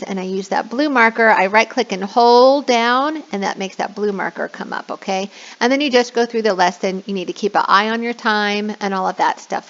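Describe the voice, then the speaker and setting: Woman, online teaching tutorial, mid pitch, frequent "okay?" check-ins, slightly muffled lo-fi mic. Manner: demonstrates a bubbly, high, sing-song teacher voice for children; says "okay?" often, checking in. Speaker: online English teacher trainer. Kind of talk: screen-share tutorial.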